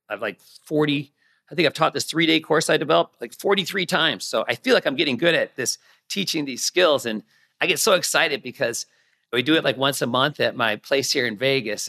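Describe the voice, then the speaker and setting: A man's voice: mid-range voice, sharp tone. A man hosting an interview, talking eagerly and rambling with frequent restarts. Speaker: podcast host and trial skills teacher. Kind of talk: casual interview chat.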